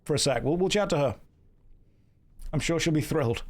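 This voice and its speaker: This is a man from England, in his thirties, joking and chatting with his stream viewers as he plays a game, often riffing and doing mock accents. His fairly high-pitched voice is animated and fairly quick, with a darkish tone.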